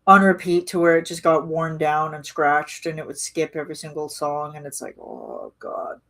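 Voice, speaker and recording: A woman's voice: low-pitched, level tone, moderate pace, fairly bright tone. A woman rambling casually in a live-stream chat with her viewers, full of restarts and fillers. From Canada.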